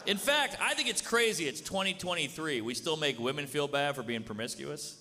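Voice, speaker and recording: A man's voice: fairly high pitch, expressive, a little fast. A man performing a stand-up comedy set, crude and conversational, leaning on "you know". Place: comedy club stage. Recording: live stage mic, reverberant hall, loud audience. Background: audience laughter and room noise.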